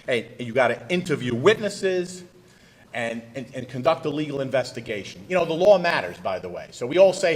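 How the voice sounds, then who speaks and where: A man's voice: a little high, very animated, a little fast, rough recording. A middle-aged man, a trial lawyer from the United States, giving a conference presentation in a folksy, punchy manner and talking straight to the audience.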